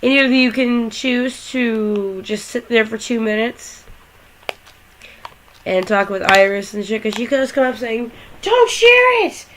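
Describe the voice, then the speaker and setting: A woman's voice: a little high, fairly even intonation, a little slow, a bit bright, slight background noise, poor audio. A young woman chatting casually and swearing freely as she walks through a game, talking from her bedroom while lying down. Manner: rambling, swearing, jokey. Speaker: gaming vlogger.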